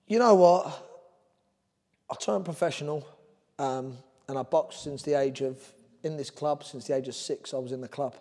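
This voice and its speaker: A man's voice: a little high, moderate pace, a little mellow, long reverb tail. A middle-aged man with a London Cockney accent, a former boxer telling his story as a podcast guest, earnest and drifting from topic to topic. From Ireland. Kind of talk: candid podcast interview.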